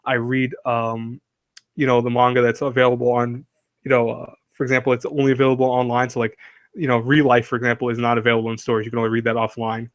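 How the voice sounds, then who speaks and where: A man's voice: mid-range voice, completely flat delivery, fast, no echo. A man hosting a casual live stream, rambling and chatty, laughing often and reading chat aloud.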